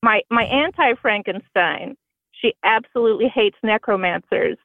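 A woman's voice: a little high, moderate pace, no room sound. A woman from Indiana with a Southern-sounding accent, calling in to a podcast and talking wryly about herself. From Bloomington, Indiana. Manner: wry, self-deprecating. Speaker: caller. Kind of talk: phone-in conversation. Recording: tinny phone line.

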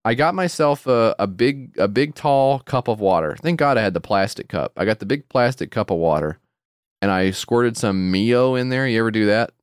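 A man co-hosting a podcast, chatting casually and profanely and jumping into high mock voices. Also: normal speed, clean tone, dry recording, clean studio sound. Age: adult with a wife and kid. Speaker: podcast co-host. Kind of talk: casual comedic chat.

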